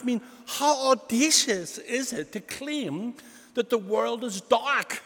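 A man delivers a sermon in a high voice that swings widely in pitch. He leans on rhetorical questions and sprinkles "you know" through his lines. His voice rings out with the long reverb of a hall. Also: fairly bright tone. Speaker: preacher.

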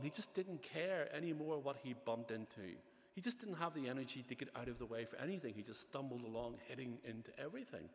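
Conversational preacher in a ringing hall. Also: male voice, fairly high pitch, a bit bright. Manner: conversational, with frequent asides and restarts. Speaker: pastor. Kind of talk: sermon. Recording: long church reverb.

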